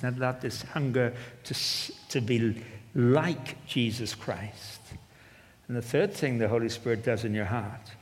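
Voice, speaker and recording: Englishman preaching in a reverberant hall. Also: mid-range voice. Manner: dynamic preaching, swinging from loud proclamation to quiet asides. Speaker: pastor. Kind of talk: sermon. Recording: long reverb of a large hall.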